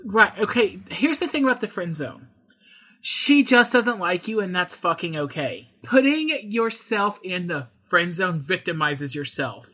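Low, lively blunt woman. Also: unhurried. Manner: blunt, opinionated, teasing, swears. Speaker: podcast co-host. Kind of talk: casual chat.

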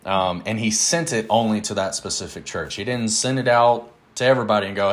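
A podcast host who teaches the Bible speaks in a lowish, expressive voice. His casual delivery is earnest and measured, sprinkled with many fillers and little laughs.

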